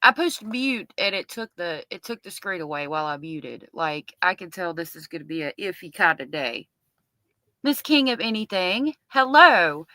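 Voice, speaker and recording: A woman's voice: on the low side, big pitch swings, moderate pace, bright, forceful tone, no echo, low-quality recording. Chatty woman livestream host. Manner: chatty, reads viewer comments aloud. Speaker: livestream host covering a trial. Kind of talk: casual livestream chat with viewers.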